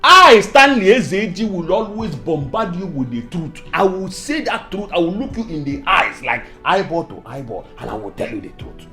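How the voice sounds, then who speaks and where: An actor playing a talkative, blunt carpenter's friend who preaches and repeats himself, speaking Nigerian English. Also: male voice, high-pitched, moderate pace, hardly any pauses, soft background music, exaggerated voice. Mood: lecturing. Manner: loud, excitable, repeats himself. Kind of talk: Nollywood film acting.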